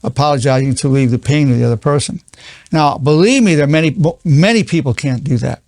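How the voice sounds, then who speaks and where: Older man in his eighties, gravelly voice, slightly high pitch, dry close sound, earnest repetitive lesson. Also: fast, a little mellow, no echo. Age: 80s. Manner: earnest, repetitive, stammering restarts. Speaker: psychologist teaching a lesson. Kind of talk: unscripted spoken lesson.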